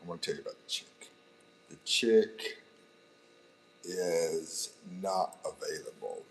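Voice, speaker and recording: An American man hosts a relaxed livestream in a low voice, joking with his viewers and reading their comments aloud. He laughs often and calls everyone bro. A faint hum of the room sits underneath. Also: takes it slowly, rough recording. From United States. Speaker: livestream host. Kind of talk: casual live chat reading viewer comments.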